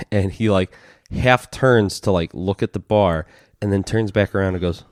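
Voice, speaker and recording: Deep-voiced man telling a rambling story. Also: unhurried, no room sound, clean studio sound. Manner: profane, rambling storyteller acting out quotes. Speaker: podcast co-host. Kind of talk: casual storytelling chat.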